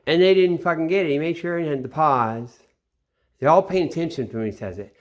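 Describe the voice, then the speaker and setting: A middle-aged man giving a rambling late-night monologue, swearing often and trailing off into low mutters. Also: a little fast. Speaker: channel host. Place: home at night.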